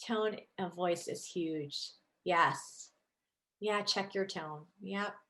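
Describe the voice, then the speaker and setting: A woman's voice: fairly low pitch, drawn-out words. A woman in her thirties, a leadership coach, giving an enthusiastic, chatty online presentation over a video call. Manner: lively, enthusiastic, chatty with many fillers.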